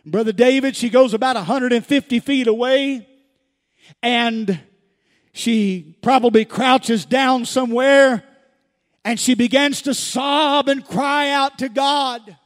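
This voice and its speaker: A man preaching a sermon as pastor, calling out to the congregation and rising to shouts. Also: extremely high pitch, slow. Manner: calls to the congregation, builds to shouts. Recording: church hall with long reverb.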